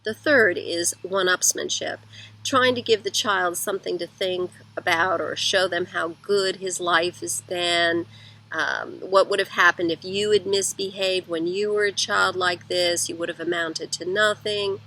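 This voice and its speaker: A woman's voice: on the low side, fairly even intonation, unhurried, bright, forceful tone, rough recording. A middle-aged woman giving parenting advice in a conversational teaching talk, going through her points one by one.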